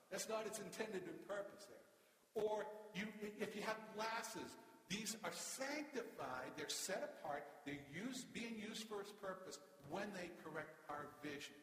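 A man preaching a sermon as pastor, animated and emphatic, slowing down to stress key words. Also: sits high. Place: church. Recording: echoey church hall.

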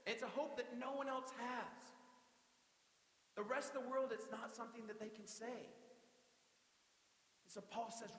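A young man preaching a sermon as pastor, in a lively, conversational way with playful asides. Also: high voice. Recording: echoey hall with long reverb.

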